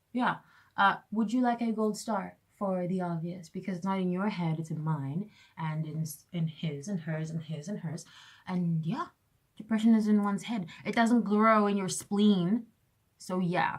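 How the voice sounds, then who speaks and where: A young woman ranting in a casual vlog, telling stories with exasperated sarcasm and mocking quoted voices. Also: on the low side. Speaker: vlogger.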